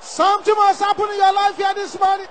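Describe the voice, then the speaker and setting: A man as a pastor leading a loud prayer sermon in a church service, shouting commands and speaking in tongues. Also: very high-pitched, monotone, fast talker, noisy background.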